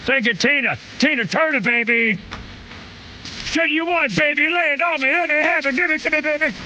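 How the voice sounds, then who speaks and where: A man's voice: very high-pitched, fairly quick, sharp tone, slight background noise, voice pushed up, heavily acted. A man putting on a sultry, crooning lover voice. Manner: sultry, crooning come-ons. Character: smooth-talking lovestruck male crooner.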